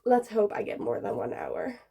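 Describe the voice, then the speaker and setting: A woman's voice: mid-range voice, huge pitch swings, moderate pace, gravelly, dark tone, slight background noise. A young woman chatting casually in a reading vlog, talking to the camera with lots of "like" fillers. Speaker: book vlogger.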